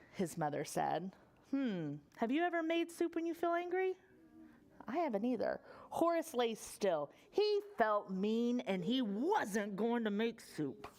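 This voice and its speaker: A young children's librarian reads a picture book to preschoolers in an animated sing-song voice, stopping to ask them questions. Her pitch is on the high side.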